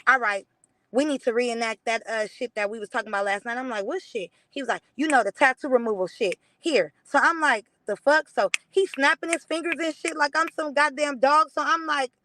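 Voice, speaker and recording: A young woman guesting on a livestream casually tells a profane story, acting out the dialogue with animation. Her voice sits high and moves fairly quickly.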